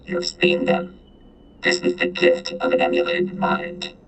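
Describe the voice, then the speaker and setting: A man's voice: monotone, measured pace, a bit bright, soft background music, heavily acted. A man voicing an ancient sentient vending machine that speaks in clipped, broken phrases through a synthesized, multitonal robotic voice. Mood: ominous. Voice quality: deep, gravelly, multitonal whining.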